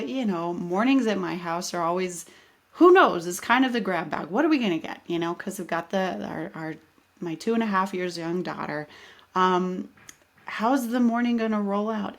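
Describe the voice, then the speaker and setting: A woman in her thirties, a life coach hosting her own podcast, talking casually and animatedly, often checking in with "right?". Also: mid-range voice. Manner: animated, conversational, peppered with "right?". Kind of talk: casual solo podcast talk.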